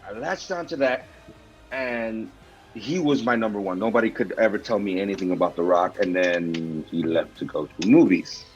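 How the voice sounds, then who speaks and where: A man guest telling stories in a casual interview, excitable and animated, acting out moments from his past. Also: lowish voice, normal speed, lo-fi sound, faint music behind. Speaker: actor guest.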